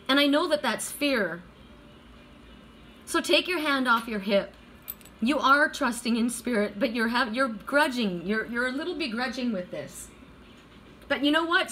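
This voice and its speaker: A middle-aged woman giving a casual, emotional oracle card reading, excitable and tearful, swearing freely. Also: sits high, a little hiss or hum. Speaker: tarot and oracle card reader.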